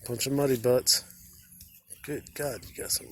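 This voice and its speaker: A man's voice: mid-range voice, steady tone, normal speed. A man chatting to cows in a pasture, coaxing and cooing at them in a playful way. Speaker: vlogger. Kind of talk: casual chat to farm animals. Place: outdoor farm pasture with cows. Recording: noisy outdoor farm sound.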